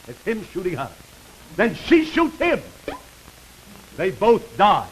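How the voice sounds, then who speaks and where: A man's voice: high voice, wildly swooping pitch, slow, pauses often, faint music behind. A middle-aged comedian telling a rambling, self-interrupting comic story for a sponsor, laughing at his own jokes. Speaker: comedian doing a sponsored pitch. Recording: noisy vintage 1940s broadcast recording.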